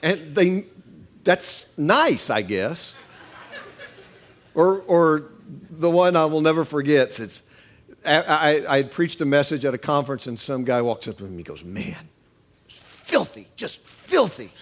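A middle-aged male pastor preaching a sermon, animated and acting out quoted voices with humor. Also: fairly high pitch, measured pace, pauses often.

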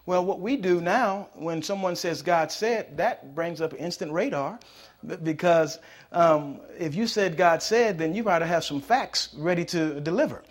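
A pastor delivers a sermon in a notably high voice, talking it through like a story with plenty of "you know" asides. He often swells into loud, repeated, punchy lines to drive his point home. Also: measured pace. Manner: conversational preaching, rising to loud emphatic passages.

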